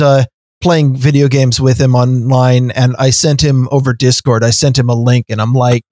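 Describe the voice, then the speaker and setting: A man co-hosting a podcast, telling stories in animated, casual chat with laughs. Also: a little high, dry recording, clean studio sound. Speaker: podcast co-host.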